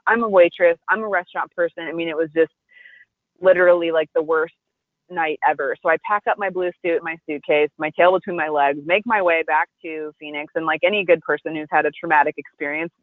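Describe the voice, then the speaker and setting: A woman, a restaurant founder, telling a personal story in an interview, animated and acting out the voices of the people she quotes. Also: low voice, brisk, no echo, phone-quality sound. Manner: conversational, with frequent "like" and restarts.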